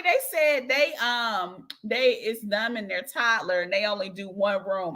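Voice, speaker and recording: A woman's voice: medium pitch, a little slow, few pauses. A woman hosting a casual livestream chat, reading viewers' comments aloud and teasing them playfully with frequent laughs. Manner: animated, playful, teasing, laughs often, says "girl" and "y'all". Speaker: host reading live chat.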